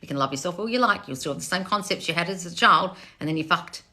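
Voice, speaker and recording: Aussie lady coach ranting at viewers, swears a lot, bright sharp voice. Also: lowish voice, animated, fast. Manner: profane, blunt, exasperated tough-love scolding. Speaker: manifestation coach. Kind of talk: blunt livestream chat reading comments.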